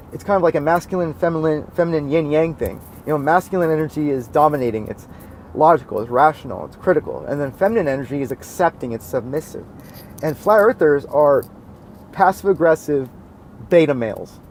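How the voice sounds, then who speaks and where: A man with a fairly high voice delivers a heated monologue. He is blunt and swears freely. He circles back to the same points again and again. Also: lively intonation, a little fast, darkish tone, slight background noise. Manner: heated, blunt and profane, repeats his points. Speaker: video commentator. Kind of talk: ranting monologue.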